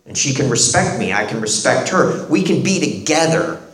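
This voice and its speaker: A man's voice: mid-range voice, sing-song, moderate pace, fairly bright tone. A middle-aged man telling his recovery story in a candid, self-deprecating way, laughing at himself as he goes. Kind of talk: personal recovery talk. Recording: echoey room.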